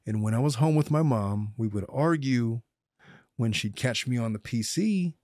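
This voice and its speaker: A middle-aged man co-hosts a true-crime podcast in a loose, joking way, tripping over his words and restarting sentences. His voice sits at an ordinary pitch and is recorded close and dry, with no room sound. He talks like he is chatting with a friend. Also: animated, moderate pace, a little mellow, no echo. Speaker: podcast co-host. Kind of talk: casual chat.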